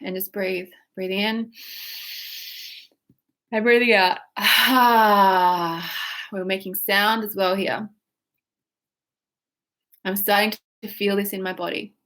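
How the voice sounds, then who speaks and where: Woman practitioner, slow guiding delivery, yawns and breathing cues. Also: medium pitch, steady tone, fairly bright tone. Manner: slow, guiding, with yawns and whiny repeated phrases. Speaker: tapping practitioner. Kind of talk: guided tapping session.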